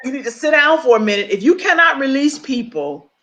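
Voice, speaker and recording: A middle-aged woman speaking as a guest on leadership, emphatic and animated, acting out bits of dialogue as she teaches. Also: sits high, a little fast. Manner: emphatic, acts out quoted dialogue.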